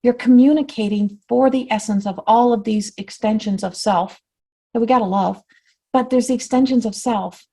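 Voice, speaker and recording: A woman spiritual teacher giving a flowing talk before a guided meditation, repeating and rephrasing, often dropping to a soft hush. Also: a little high, moderate pace. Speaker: spiritual teacher and oracle card reader.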